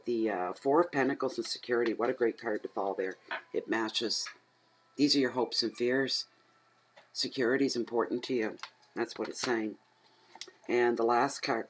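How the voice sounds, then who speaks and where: A middle-aged woman from Atlantic Canada, a tarot reader who rambles and chats casually at home, talking aloud to herself and getting easily excited. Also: a bass voice, normal speed, poor audio. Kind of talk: casual chatty tarot reading.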